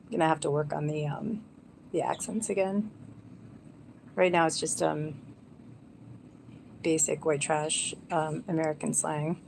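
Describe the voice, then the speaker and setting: A woman's voice: deep voice, steady tone, unhurried, creaky, pauses often, darkish tone, a little hiss or hum. A young woman rambling casually on a live stream, chatty and self-mocking.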